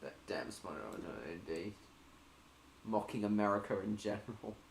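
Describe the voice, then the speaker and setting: A man's voice: on the low side, normal speed, vocal fry, roomy sound, slight background noise. A man hosting a casual live stream, reading viewer messages aloud and answering them.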